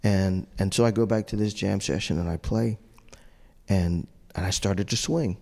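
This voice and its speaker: A middle-aged man with a lowish voice tells an animated story, acting out the voices of the people he quotes and laughing now and then. His voice rings with the long reverb of a large hall. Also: moderate pace, creaky. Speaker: trumpet player on a judges panel. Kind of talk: storytelling to an audience.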